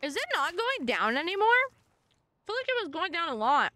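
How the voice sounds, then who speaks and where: A woman streaming a video game live, giving casual commentary in an excitable way, swearing often and erupting in frustrated outbursts. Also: very high-pitched, normal speed, dry recording.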